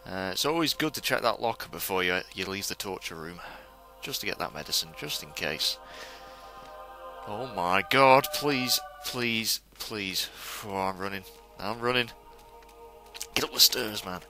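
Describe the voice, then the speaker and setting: A young man talks viewers through a stealth game in an animated, bright voice, swearing often when things go wrong. Faint game music plays under him. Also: low-pitched, a little fast. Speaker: gamer playing a stealth game. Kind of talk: let's play commentary.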